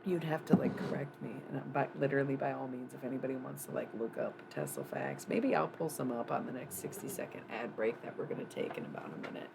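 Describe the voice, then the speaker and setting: A woman with a deep, fry-edged voice talks through a psychic reading on a live stream. She wanders from thought to thought, filling gaps with "um" and dropping casual swears. A steady background noise sits clearly under her voice. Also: fast talker, few pauses. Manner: rambling, loose and profane, thinking aloud with many fillers.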